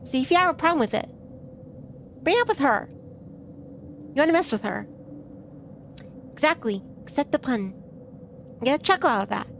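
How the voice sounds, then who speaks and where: A woman's voice: sits high, expressive, moderate pace, creaky, long pauses, a bit bright, slight background noise. A woman streaming a game, chatting casually and playfully, reacting aloud to what happens on screen.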